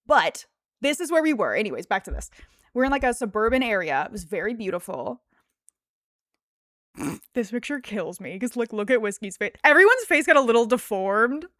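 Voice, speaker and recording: Female streamer, casual chatty storyteller, higher voice, dry close mic. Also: normal speed, no room sound. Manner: animated storytelling, laughs often, fillers like "like". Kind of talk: casual livestream chat.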